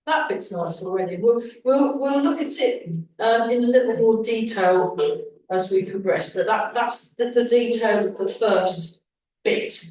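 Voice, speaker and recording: A woman instructor guides a beginners' class through gentle breathing cues, dropping chatty asides between the movements. She speaks slowly, and her voice rings around a very echoey hall, picked up from some distance by a camera mic. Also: fairly high pitch. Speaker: tai chi instructor. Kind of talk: leading a beginners' qigong class.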